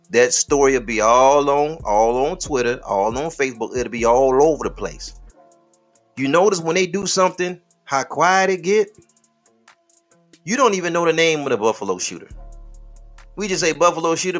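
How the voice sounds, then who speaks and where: A man's voice: mid-range voice, a bit bright. A man hosting a podcast in casual commentary, preachy and full of rhetorical questions, addressing listeners as beloved. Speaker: podcast host.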